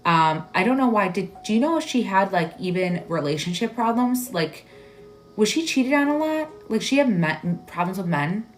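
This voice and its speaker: A woman hosting a live stream as a psychic medium, giving readings in a halting, searching way full of "like"s and growing emotional. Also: medium pitch, lively intonation, faint music behind. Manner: halting, searching delivery with many "like"s; emotional, tearful at moments.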